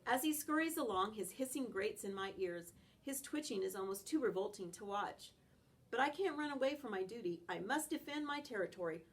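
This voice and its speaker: A woman's voice: on the high side, brisk. Woman reading a children's book. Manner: expressive, animated first-person narration. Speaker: audiobook reader. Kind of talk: reading a children's novel aloud.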